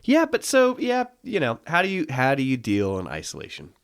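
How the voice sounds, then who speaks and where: A man's voice: medium pitch, huge pitch swings, normal speed, clean tone, no room sound, clean studio sound. A man co-hosting a podcast in casual chat, playful and jokey, acting out silly voices. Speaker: podcast co-host.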